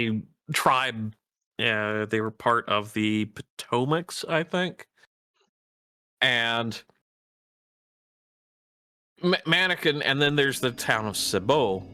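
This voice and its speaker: A man with a Midwestern American accent and a lowish, bright, forceful voice chats as a podcast guest. His casual talk is rambling and hesitant, full of restarts.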